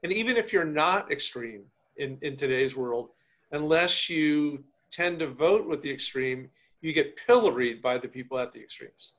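A man, a congressman, explaining policy in a measured way with frequent hesitations, over a video call. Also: a little high, lively intonation, a bit bright. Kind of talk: remote panel discussion.

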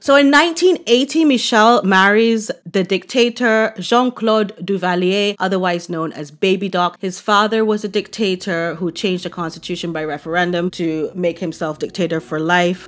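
A woman's voice: lowish voice, moderate pace, hardly any pauses, a little hiss or hum. A woman from Barbados hosting a casual commentary vlog, chatty and gushing, with playful asides. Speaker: commentary channel host.

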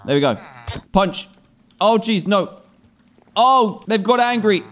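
A man's voice: high voice, animated, slow pace, fairly bright tone. A man giving gameplay commentary, scolding and pleading with the characters in his game. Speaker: gaming video host.

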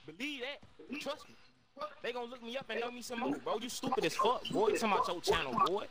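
A man's voice: extremely high pitch, fast, vocal fry, over a noisy crowd. A man ranting in online game voice chat, angry and profane, repeating his insults. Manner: loud and confrontational.

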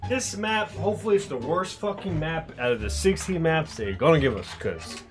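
A young man commentating his own gameplay, ranting and swearing constantly, often bursting into shouts. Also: fairly high pitch, animated, moderate pace, hardly any pauses, faint music behind. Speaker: gaming YouTuber.

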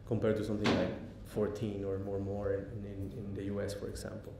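A man giving a public lecture, pausing often with ums and restarting sentences. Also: completely flat delivery. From Mexico. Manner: halting, many ums and restarts. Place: lecture hall. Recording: echoey hall, faint rumble.

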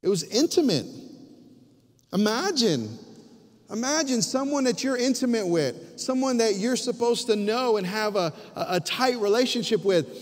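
A male pastor preaching a sermon, emphatic and full of restarts, with sudden drops to hushed, near-whispered lines. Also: very high voice, sing-song, normal speed. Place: church sanctuary. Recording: long reverb of a church hall.

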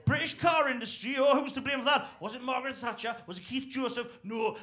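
A man's voice: very high voice, fast talker, hardly any pauses, bright, forceful tone. A middle-aged male comedian telling rambling, sweary comic stories and laughing at his own lines. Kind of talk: comic storytelling.

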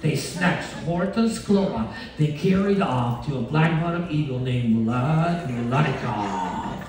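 Slow, animated storyteller in an echoey room. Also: mid-range voice, far from the mic. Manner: animated, slow, doing voices for characters. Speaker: story reader at a children's event. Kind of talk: expressive read-aloud storytelling. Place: large room on a cruise ship.

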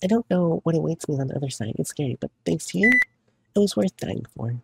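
A man's voice: on the high side, expressive, fast, vocal fry, very noisy, voice pushed up. A man voicing a sweet mushroom girlfriend. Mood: tender. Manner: tender and reassuring. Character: sweet young mushroom girlfriend, gentle and devoted.

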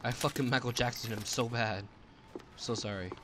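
A young man giving jokey, profane, excitable commentary while playing a shooter game. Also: mid-range voice, normal speed, slight background noise. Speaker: gameplay commentator. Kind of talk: casual gameplay commentary. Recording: loud gunfire over commentary. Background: loud gunfire.

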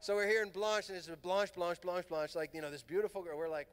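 A middle-aged man from Southern California telling a lively personal story at a youth conference, acting out the voices in his dialogue. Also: sits high, fairly quick, few pauses, clear, resonant tone. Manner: animated, acts out quoted dialogue. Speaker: priest and conference speaker. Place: large fieldhouse hall. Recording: long hall reverb.

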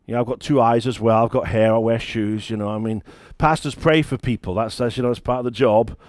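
A man's voice: medium pitch, steady tone, fairly quick, darkish tone, no room sound, clean studio sound. A British man, a church founder and pastor, preaching a sermon in a conversational, emphatic way with stories.

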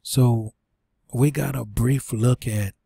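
A man's voice: mid-range voice, fairly even intonation, takes it slowly, vocal fry, warm tone, breathy edge, no echo. A man teaching and reading scripture aloud in an informal sermon, short of breath, with restarts and asides. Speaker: preacher.

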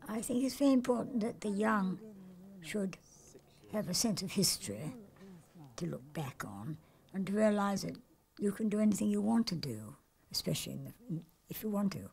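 A woman's voice: medium pitch, expressive, moderate pace, creaky, a little mellow. An older woman, president of a cadet unit, speaking expressively in a documentary interview.

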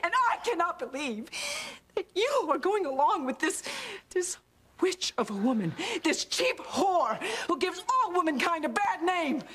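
A woman's voice: very high-pitched, sing-song, measured pace, background noise, exaggerated voice. An actress playing a fierce, impassioned, devoted mother in a soap opera. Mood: pleading. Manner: impassioned, pleading then furious. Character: fierce devoted immigrant mother, middle-aged woman. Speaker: housekeeper and mother. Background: music.

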